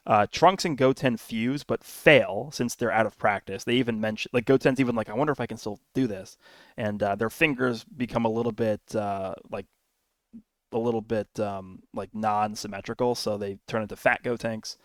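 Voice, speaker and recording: A man's voice: fairly low pitch, normal speed, dry recording. A man casually recapping a film plot for his channel, rambling with lots of fillers, restarts and little chuckles. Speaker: YouTube anime commentator.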